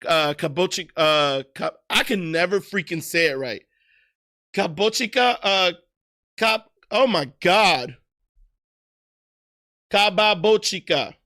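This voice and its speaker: A man's voice: high voice, lively intonation, slow pace, pauses often, bright, forceful tone. A man chatting casually on a livestream, loose and profane, laughing at himself as he answers viewers. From United States. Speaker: streamer.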